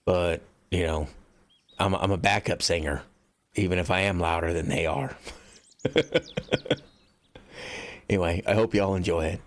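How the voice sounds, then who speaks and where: Deep voiced american dude rambling and cussing at his viewers about his book. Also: fairly even intonation, fairly quick. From United States. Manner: blunt and profane, loose rambling delivery. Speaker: author reading his own book. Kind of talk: casual chat to viewers before a reading.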